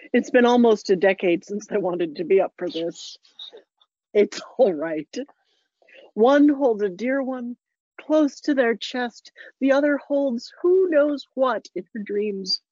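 A woman's voice: on the high side, sing-song, measured pace, a little mellow, dry recording, muffled recording. A woman reading a personal story aloud to a room in a tender, heartfelt way, often close to tears.

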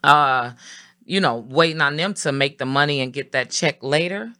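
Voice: mid-range voice, moderate pace, sharp tone. A middle-aged co-host in casual chat, talkative and asking questions, laughing while talking. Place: Mall of America area.

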